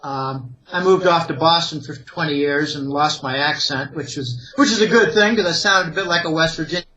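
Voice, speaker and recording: High, bright-voiced emphatic male analyst. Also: fairly quick, lo-fi sound. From Pittsburgh area, USA. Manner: emphatic, rambling, listing points. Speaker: financial analyst guest. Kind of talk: opinionated interview commentary.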